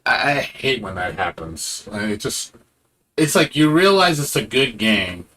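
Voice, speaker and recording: A man's voice: fairly low pitch, sing-song, measured pace, sharp tone. A man streaming a game, ranting in a casual, profane and sarcastic way, now and then mocking other people in put-on voices.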